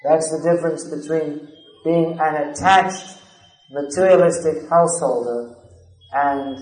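A man's voice: a little high, steady tone, unhurried, a little mellow, echoey room, poor audio. A man giving a scripture class lecture, speaking earnestly and building to emphatic stress, with verses recited in a chanting cadence. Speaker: spiritual lecturer.

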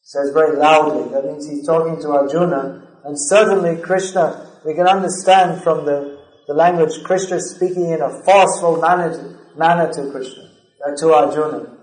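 A man with a somewhat high voice gives a scripture class lecture. He speaks earnestly and leans into emphatic stress. The sound rings around an echoey room. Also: steady tone, normal speed, a little mellow. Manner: recites verses in a chanting cadence. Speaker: spiritual lecturer.

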